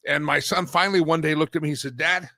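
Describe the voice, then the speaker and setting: A man hosting a talk show, telling stories in a lively, animated way with frequent laughs and sudden loud bursts. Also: fairly high pitch, fast, no echo, studio quality. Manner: animated storyteller, laughs often, swings loud. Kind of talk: casual talk show banter.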